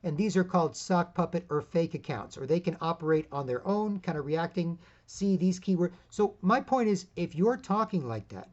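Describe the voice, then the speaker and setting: A man's voice: high voice, darkish tone. Rambling man ranting, lo-fi sound. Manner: rambling and emphatic, many asides. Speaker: independent media host. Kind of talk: solo commentary rant.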